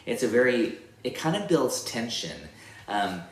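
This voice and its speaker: A man giving a relaxed guitar lesson, explaining rhythms and singing them out as counted syllables. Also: lowish voice, moderate pace. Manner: counts beats and sings rhythms with "da, da" between explanations. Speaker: guitar teacher. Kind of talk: casual music lesson. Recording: echoey room with loud guitar playing. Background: his own guitar playing.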